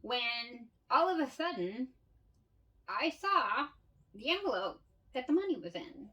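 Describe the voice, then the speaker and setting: Candid, swearing woman, a bit high. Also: sing-song, a little slow, bright, forceful tone, recorded from a distance, rough recording. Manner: candid, swears freely, laughs often. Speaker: vlogger. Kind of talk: casual storytelling monologue.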